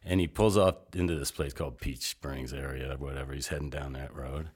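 An older man telling long, rambling stories as an interview guest, animated and salty, with frequent asides. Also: extremely low pitch, brisk, breathy edge. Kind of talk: casual storytelling.

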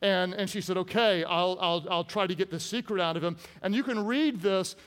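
A man preaching a sermon to a congregation, animated and jokey, acting out the story with voices. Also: sits high, moderate pace, clear, resonant tone. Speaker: pastor. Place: large church hall. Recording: hall reverb from large room.

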